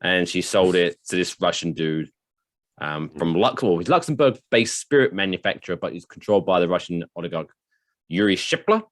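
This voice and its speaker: A man's voice: low voice, animated, brisk, no room sound. A man co-hosting a podcast, chatting in jokey, rambling banter and reading out news bits. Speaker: podcast co-host. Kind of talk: casual comedic banter.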